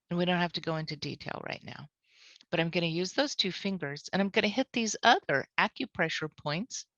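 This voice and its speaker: A woman trainer leading a guided tapping lesson, calmly repeating short phrases as she walks through the points. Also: lowish voice, no echo. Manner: calm, repeats phrases slowly. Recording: dull lo-fi audio.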